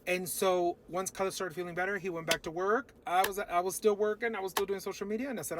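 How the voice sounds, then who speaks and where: A man's voice: high-pitched, fairly even intonation, a little fast, noisy background. A man tells a personal story to his viewers in a casual, earnest and encouraging way. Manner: earnest, upbeat, encouraging, talks straight to viewers. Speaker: vlogger.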